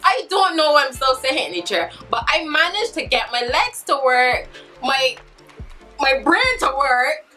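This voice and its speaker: A woman in her twenties telling a story in a vlog, animated and dramatic, acting out what people said. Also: high-pitched, a little slow, soft background music. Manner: animated, dramatic retelling with acted-out quotes. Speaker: vlogger.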